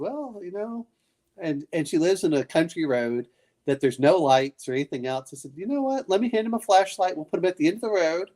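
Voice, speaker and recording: His voice is fairly high and a touch mellow. He's a man in a casual late-night chat, drifting through family stories, performing quotes, and restarting again and again.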